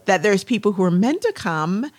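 A woman co-hosting a podcast, chatting casually and telling stories with lively quoted voices. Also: mid-range voice, moderate pace, no room sound. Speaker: podcast co-host. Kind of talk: casual chat.

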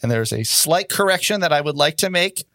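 A man acting as game master, chatting casually with players and narrating the scene slowly and dramatically. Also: a little high, lively intonation, pushed and bright, dry recording, studio quality. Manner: slow, deliberate dramatic narration.

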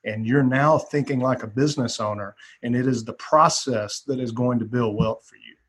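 A man's voice: medium pitch, steady tone, moderate pace, a bit bright, husky. A man on a podcast as a guest, talking emphatically and in a preachy way. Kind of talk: casual podcast chat.

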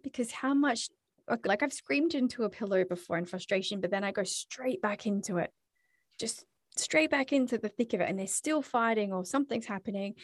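A woman hosts a podcast interview in a casual, candid way. She talks openly and expressively and pokes fun at herself. Her voice sits at an ordinary pitch and sounds dry and close. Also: no echo. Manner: candid, self-deprecating, expressive. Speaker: podcast host.

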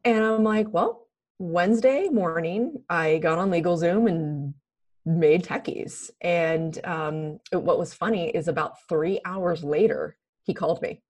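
A woman's voice: fairly low pitch, a little slow. A woman in her thirties, a podcast guest telling stories casually, laughing often and acting out other people's lines. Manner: animated, laughs often, acts out quoted voices. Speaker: podcast guest, recruiting firm founder. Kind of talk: casual interview storytelling.

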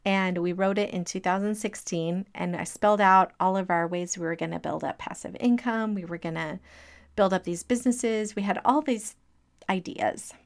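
Woman, middle-aged, motivational storytelling, animated, medium pitch, laughs between lines. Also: normal speed. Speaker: motivational speaker sharing a personal story.

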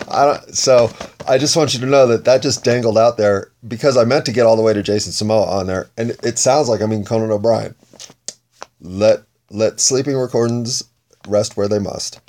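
A man's voice: lowish voice, darkish tone. A man recording a rambling personal monologue, meandering and correcting himself as he goes, often laughing at himself. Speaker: solo podcaster.

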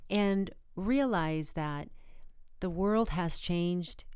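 A woman's voice: lowish voice, extremely slow, a little mellow, clean tone, no room sound, studio quality. A woman speaking earnestly as a podcast guest, encouraging listeners. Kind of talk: motivational podcast conversation.

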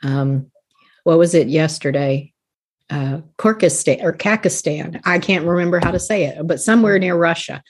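A woman's voice: lowish voice, moderate pace, slightly rough. Earnest woman coach in her fifties. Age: 50s. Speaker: life coach guest. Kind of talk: casual podcast interview.

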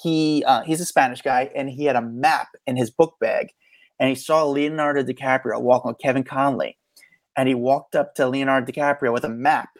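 A man's voice: medium pitch, a little fast, no room sound. A male podcast co-host telling stories in casual chat, acting out what people said. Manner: animated storyteller, acts out quotes.

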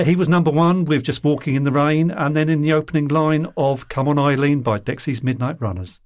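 A man reading out pop quiz questions and answers with a jokey, showman-like delivery. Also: mid-range voice. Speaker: quiz writer.

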